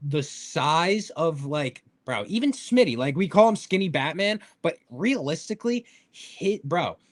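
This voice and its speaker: A man with a slightly higher-pitched voice chats about sports on a casual podcast. He tells stories with lots of enthusiasm, filling them with likes and restarting his sentences. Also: lively intonation, unhurried. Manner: enthusiastic storyteller, many fillers and restarts.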